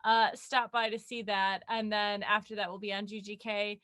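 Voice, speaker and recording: A woman signing off as a tabletop game player, chatting in an animated, excitable, self-deprecating way. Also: medium pitch, normal speed, dry recording, studio quality. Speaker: player, guest. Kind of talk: casual sign-off chat.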